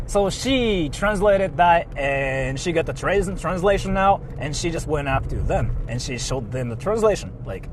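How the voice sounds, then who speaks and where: Man vlogging, very expressive pitch, fillers everywhere, slightly high voice, loud car noise behind. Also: normal speed, low-quality recording. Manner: animated, heavy use of filler "like", laughs often. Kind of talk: casual storytelling. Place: inside a car.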